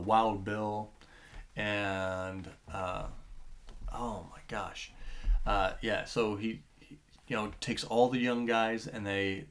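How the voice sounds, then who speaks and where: Excitable rambling man reviewing a book. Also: fairly low pitch. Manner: rambling, excitable, many fillers and restarts. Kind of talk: casual book review recap.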